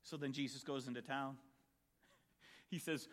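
A man preaching a sermon, telling a Bible story with animated storytelling and acting out the voices of the people in it. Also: on the high side, measured pace, gravelly.

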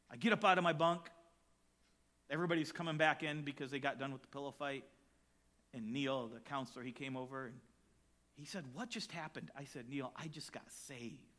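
A middle-aged male pastor preaching, telling a personal story with lively acted-out voices and then reading scripture aloud. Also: fairly high pitch. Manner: animated storytelling, acts out shouts and voices.

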